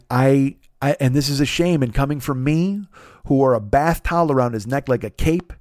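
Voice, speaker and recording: A man's voice: medium pitch, a little mellow, dry recording, studio quality. A man in his forties hosting a comedy podcast, ranting in an exasperated, profane, rambling way with stammered restarts. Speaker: podcast host. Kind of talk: comedic rant.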